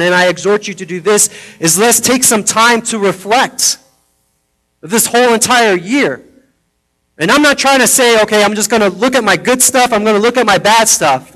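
A pastor preaching a sermon to his congregation, earnest, moving between teaching and soft personal storytelling. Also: high voice, poor audio. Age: adult, parent of a foster daughter. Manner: earnest, drops softly into personal stories.

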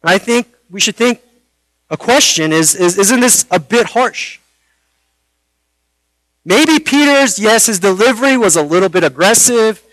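A man preaching a sermon, earnest, with dramatic pauses and rhetorical questions. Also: high voice, lively intonation, a bit bright, no room sound, poor audio. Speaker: pastor.

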